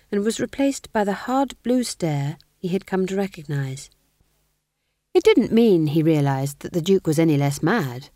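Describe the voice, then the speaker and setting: A woman narrating a comic fantasy audiobook with expressive, measured storytelling. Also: mid-range voice, no room sound, clean studio sound.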